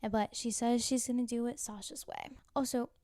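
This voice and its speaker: A woman's voice: a little high, fairly quick, warm tone, dry recording. Giggly woman chatting dry and close. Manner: gossipy, giggly, full of "like" and asides. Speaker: TV recap vlogger. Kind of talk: casual chatty recap.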